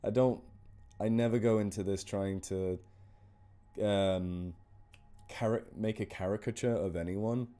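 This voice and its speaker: Here the horror story narrator sounds lower and darker, keeping a steady tone, talking a bit slowly and pausing often. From his home, in a loose break between tales on the charity stream, he rambles with self-deprecating humor while naming donors to thank them.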